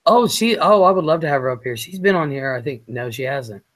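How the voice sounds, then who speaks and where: A man hosting a late-night casual chat show, rambling and halting with fillers as he talks. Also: mid-range voice, animated, fairly bright tone. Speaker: show host.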